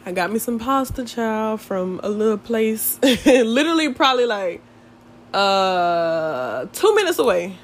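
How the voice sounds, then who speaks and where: A young woman chatting to her viewers in a lively, slangy storytime, laughing often. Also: a little high, a little slow, a little hiss or hum. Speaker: vlogger. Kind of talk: casual storytime chat.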